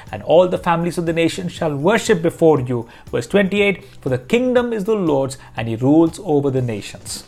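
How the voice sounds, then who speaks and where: A man with a slightly higher voice delivers a devotional teaching in an earnest, measured way. He reads scripture passages aloud as he teaches, with faint music underneath. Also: vocal fry, a little mellow. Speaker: pastor.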